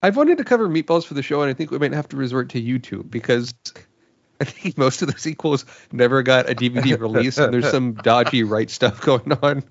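A man's voice: medium pitch, a little fast, no room sound. A man co-hosting a casual podcast chat who rambles and restarts his sentences. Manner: rambling, full of restarts and fillers. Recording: dry, dull lo-fi recording.

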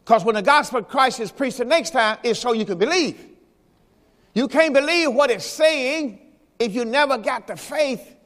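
A man preaches his Sunday sermon, his voice sitting unusually high for a man. He reads scripture and asks his listeners questions in a homespun, conversational way. The sound rings with the long reverb of a church hall. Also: expressive, normal speed, a bit bright. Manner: folksy preaching with scripture quotes and rhetorical questions. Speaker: pastor. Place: church during Sunday service.

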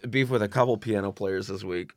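Low-ish guy rambling on a podcast, laughs a lot, dead dry mic. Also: a little fast, no room sound. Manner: rambling storyteller, laughs often. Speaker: comedy club staff and podcast host. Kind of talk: casual podcast chat.

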